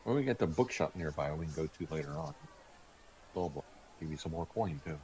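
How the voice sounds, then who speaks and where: A man's voice: a bass voice, expressive, brisk, mellow, slight background noise. A man playing a tabletop game, speaking both in and out of character, in an easygoing way with frequent laughter. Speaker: player. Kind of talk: in-character tabletop role-play.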